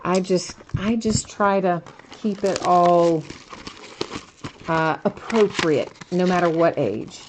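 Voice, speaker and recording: A woman with a low voice hosts a live trading-card break. She chats casually, laughs often and reads out viewers' comments as she opens packs. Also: slow pace, noisy background. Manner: chatty, laughs often, reads chat aloud.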